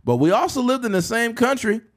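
Animated podcast host with a lively voice. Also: male voice, brisk. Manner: animated, swings from loud joking to low mutters. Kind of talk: casual podcast chat.

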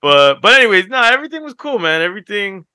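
A man on a podcast, co-hosting and telling stories in a casual, animated way that breaks into laughter. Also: high-pitched, fast talker, smooth, no room sound, studio quality. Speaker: podcast co-host. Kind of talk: casual chat, storytelling.

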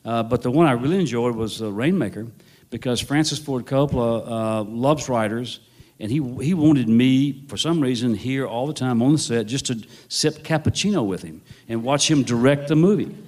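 A man who writes novels shares a wry, rambling anecdote as a guest, often stopping to start over or correct himself. He speaks at normal speed in a medium pitch, sounding a little mellow.

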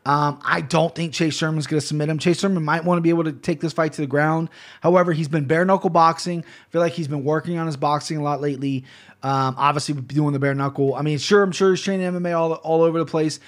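A man's voice: a little high, fairly even intonation, quick pace. A man from Ohio hosting a betting podcast, talking casually, rambling, swearing and often correcting himself. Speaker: podcast host picking fight bets.

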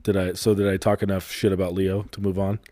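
A man's voice: sits low, little pitch movement, quick pace, warm tone, dry recording. A man in his thirties, co-hosting a podcast in casual chat, blunt and profane with joking asides. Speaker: podcast co-host.

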